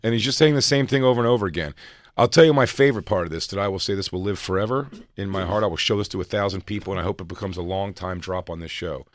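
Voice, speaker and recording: A man chatting on a comedy podcast, acting out quotes in loud high voices and swearing freely. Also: very fast, no echo, clean studio sound. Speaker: podcast co-host. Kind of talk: casual comedy podcast chat.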